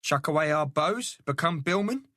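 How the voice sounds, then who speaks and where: A man's voice: a little high, lively intonation, moderate pace, pushed and bright, no room sound, studio quality, pitched above the performer's own voice. A man voicing a cocky young male archer with a London accent. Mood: indignant.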